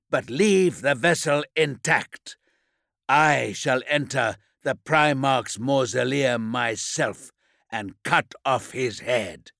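Rasping brutal warlord barking commands, as a male audiobook reader puts him on; slow and deliberate, raised and loud, in a dry room. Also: medium pitch, dry recording, voice pushed up, heavily acted. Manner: barking orders.

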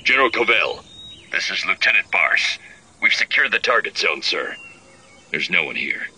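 A man voicing male military officers who give crisp, clipped reports over a comm line. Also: sits low, sing-song, moderate pace, pushed and bright, full character voice, rough recording. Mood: reporting.

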